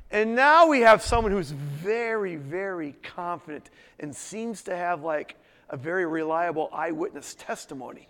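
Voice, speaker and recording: A man leading a Bible study in a lively, conversational way, asking his listeners questions as he goes through the text. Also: sits high, moderate pace, big-room sound. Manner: animated, conversational, asks the group questions. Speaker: Bible teacher.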